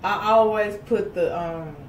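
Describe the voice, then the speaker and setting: Her mid-range voice moves a little slowly as this home cook host chats casually to viewers while making food in her kitchen, folksy and chatty, calling everyone "y'all." There's slight background noise, and the camera off to the side captures roomy, distant kitchen sound.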